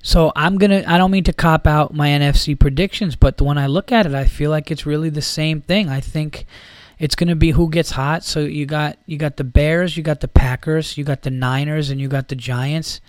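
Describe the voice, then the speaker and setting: A man hosting a podcast vents about football with plenty of swearing and rambling, his voice a touch high for a man. He keeps a steady tone at normal speed, and the recording is dry and close with no room sound.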